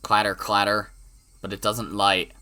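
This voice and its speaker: A man hosting a let's play, reading a visual novel's narration aloud with dramatic flair. His voice is bright and forward, and he breaks off now and then for crude asides and trips over the odd word. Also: on the low side, little pitch movement, a little slow.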